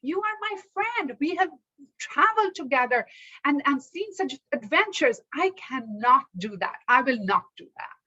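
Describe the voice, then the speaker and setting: A gentle, compassionate young hero, voiced by a woman storyteller, speaks earnestly in a high, bright voice. He is apologetic and sincere, talking slowly. The recording is a bit dull. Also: very animated, heavily acted.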